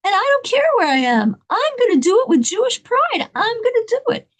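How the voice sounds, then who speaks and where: A woman's voice: very high voice, sing-song, quick pace, voice pushed up. A woman voicing the inner thoughts of a frightened young Jewish woman who finds her resolve, in a raised, anxious voice. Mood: resolute.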